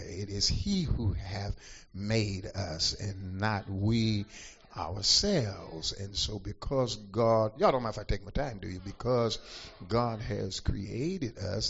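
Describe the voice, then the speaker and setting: A man preaching a sermon, slow and deliberate, dropping "amen" and "uh" between phrases. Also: on the low side, creaky, breathy edge. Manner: slow and deliberate, frequent "amen" and "uh" fillers, rising toward the end. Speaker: pastor. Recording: dull lo-fi recording.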